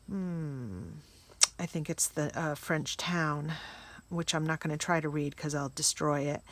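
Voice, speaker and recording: A woman's voice: low voice, fairly even intonation, unhurried, a little hiss or hum. A woman hosting a casual vlog who chats and reads old handwritten letters aloud, stopping to puzzle over words. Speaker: vlog host.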